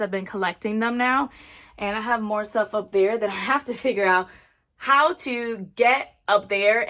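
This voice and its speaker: A woman's voice: mid-range voice, fairly bright tone. A young woman vlogging casually in her walk-in closet at home, chatty and slangy, a little out of breath. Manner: chatty, slangy, drops Spanish phrases. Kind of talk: casual chat.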